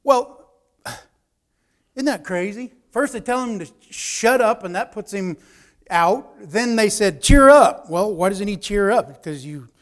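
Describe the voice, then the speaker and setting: A man with a very high voice delivers a sermon at an unhurried pace. He drops low for asides and lifts his voice for emphatic points. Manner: preaching with swings between quiet asides and raised emphatic lines. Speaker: preacher.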